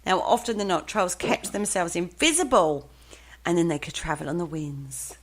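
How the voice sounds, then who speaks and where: A woman's voice: fairly low pitch, normal speed. A woman co-hosting a folklore podcast, playful and teasing, laughing at her own stumbles over names. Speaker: podcast co-host. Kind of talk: casual chat about folklore.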